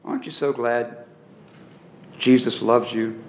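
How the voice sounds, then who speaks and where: A man preaching a sermon who leans on dramatic pauses and draws out key words for emphasis. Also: medium pitch, big pitch swings, reverberant. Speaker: pastor.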